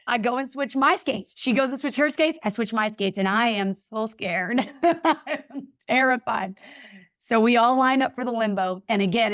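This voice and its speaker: A woman's voice: a little high, dry recording, clean studio sound. A woman guest telling a personal story in a casual interview, acting out the voices of people in it. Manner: animated, acts out voices in her anecdotes. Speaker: podcast guest.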